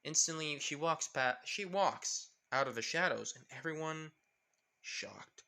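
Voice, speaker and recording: A man's voice: fairly high pitch, animated, measured pace, creaky, sharp tone. A young man casually retelling a fan story, rambling with lots of restarts. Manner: rambling, full of fillers and restarts.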